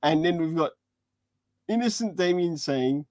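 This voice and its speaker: Giggly slow-talking livestream host. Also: mid-range voice, animated, darkish tone, dry recording. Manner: giggly, laughs often while reading. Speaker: livestream host reading a webcomic. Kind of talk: casual read-along commentary.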